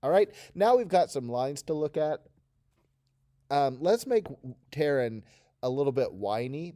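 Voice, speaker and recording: A man's voice: mid-range voice, lively intonation, moderate pace, dark tone, dry recording, studio quality. A man teaching an oral interpretation lesson, explaining and coaching his students to read along with him. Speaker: theatre teacher.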